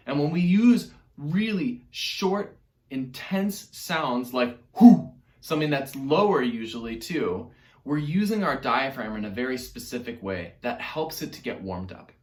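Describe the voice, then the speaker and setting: A man leads an online music lesson for young children, upbeat and encouraging, now and then demonstrating hoots and squeaky voices. The sound is roomy.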